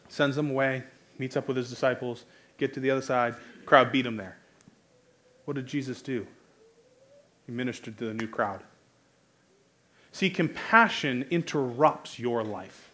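A man in his thirties with an American accent, preaching a sermon in a conversational, joking way that rises to loud, emphatic bursts. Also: medium pitch, moderate pace, pauses often.

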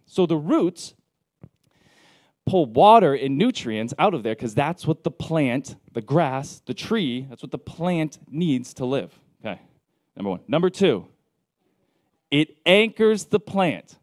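A man preaching a casual sermon, telling stories in a joking, conversational way with lively asides. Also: medium pitch, a little slow, dry recording, clean studio sound. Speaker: pastor.

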